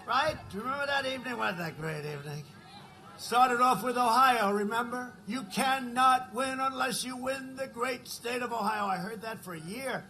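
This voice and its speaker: A man's voice: very high voice, moderate pace, pushed and bright, slight background noise. A man addressing a campaign rally in a rambling, repetitive way, often checking in with the crowd. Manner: rambling, repetitive, keeps asking the crowd "right?". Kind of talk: rally speech.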